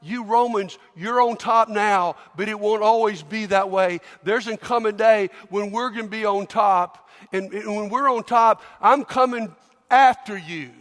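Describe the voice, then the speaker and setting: A man's voice: high-pitched, unhurried, fairly bright tone. A man voicing a resentful laborer who threatens a soldier in a sermon story. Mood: seething. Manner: bitter, threatening. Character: seething, resentful young male laborer. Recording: long church hall reverb.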